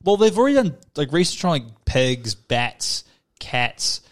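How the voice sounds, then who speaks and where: Young male co-host, loose and rambling, very animated pitch, sweary casual chat. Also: unhurried. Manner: rambling, swears a lot, lots of fillers like 'like'. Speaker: podcast co-host.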